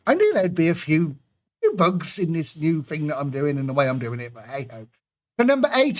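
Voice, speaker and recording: A man hosts a pub quiz over a computer microphone, his voice sitting a little high for a man. He reads the clues in a chatty, self-mocking way and keeps laughing at his own fumbles. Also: slight background noise. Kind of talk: online quiz hosting, reading clues aloud.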